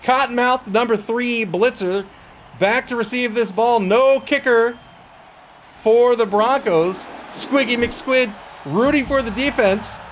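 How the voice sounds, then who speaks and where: A man commentating a tabletop-style sports video game live on stream, chatty and quick to laugh. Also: very high-pitched, slight background noise. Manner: chatty, laughs often, exasperated at connection trouble. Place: home streaming setup.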